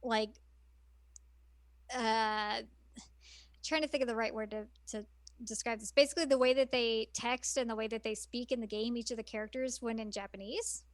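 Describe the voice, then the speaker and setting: A woman's voice: on the high side, steady tone, normal speed, no room sound. A woman co-hosting a podcast, chatting casually about anime and rambling with lots of fillers and restarts. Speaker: podcast co-host.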